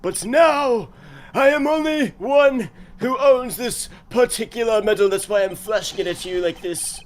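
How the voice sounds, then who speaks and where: A man voicing a pompous old ambassador and former army officer in an improvised game dub, speaking in inverted, halting phrases. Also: very high-pitched. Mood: smug.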